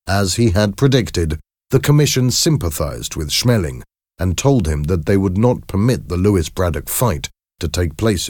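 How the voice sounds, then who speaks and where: A man reading a story aloud as narrator, in clear, measured storytelling with dramatic emphasis. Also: sits low, darkish tone, dry recording, clean studio sound. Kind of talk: scripted audiobook narration.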